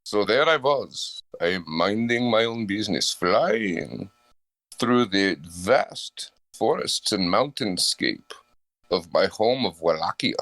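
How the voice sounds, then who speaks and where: A man doing Count Dracula as a brooding old male vampire, talking in a slow, drawn-out, theatrical way. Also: lowish voice, expressive, fairly bright tone, no echo, voice pushed down, heavily acted.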